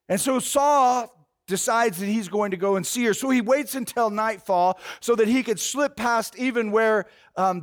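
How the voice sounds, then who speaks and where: A man preaching a sermon, retelling a story with animated, conversational energy. His voice sits noticeably high, and he uses casual fillers as he goes.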